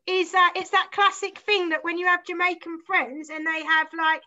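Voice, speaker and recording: Speaking at a moderate pace in a very high, sharp voice with little pitch movement, this guest musician from South London, England, rambles with sweary enthusiasm in casual chat. She's in her forties with a London accent, captured on slightly muffled lo-fi audio.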